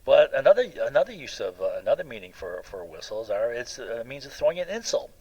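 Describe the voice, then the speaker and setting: A man's voice: medium pitch, big pitch swings, fast, darkish tone, breathy edge, low-quality recording. A middle-aged man giving an informal classroom lecture, rambling through anecdotes with many fillers and a constant "right?". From United States. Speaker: college lecturer.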